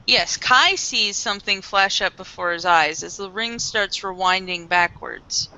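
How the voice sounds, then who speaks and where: A woman narrating a tabletop role-playing game as game master, describing scenes in a measured way, on a dull lo-fi recording. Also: mid-range voice, bright, forceful tone.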